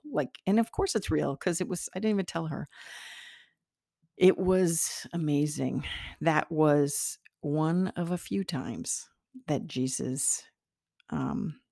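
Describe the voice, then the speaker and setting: Low gravelly woman telling a story. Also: a little mellow, dry recording, clean studio sound. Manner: earnest, rambling, many fillers and restarts. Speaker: podcast host, healer. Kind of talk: personal storytelling.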